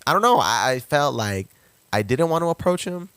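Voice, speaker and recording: A young man telling a story on a podcast, lively, leaping up in pitch when he acts out quotes. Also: normal speed, clean tone, no echo. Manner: animated, jumps pitch to act out quotes. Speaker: podcast guest, rapper. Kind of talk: casual storytelling.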